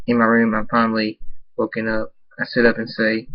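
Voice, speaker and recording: A man's voice: on the low side, completely flat delivery, brisk, lo-fi sound. A man reading his own fan fiction aloud, often stumbling and repeating words. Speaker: storyteller.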